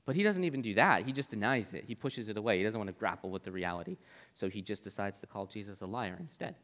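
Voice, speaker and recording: A man's voice: on the low side, lively intonation, fast talker, fairly bright tone. Chatty young man preaching in a hall. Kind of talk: casual Bible teaching. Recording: long reverb of a large hall.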